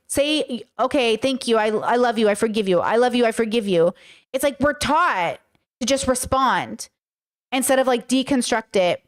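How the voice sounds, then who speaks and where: A woman hosting a podcast, talking frankly and casually with her chat, swearing now and then. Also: a little high. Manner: chatty, frank, swears, acts out quoted speech. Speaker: podcast host. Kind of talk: casual commentary reacting to chat.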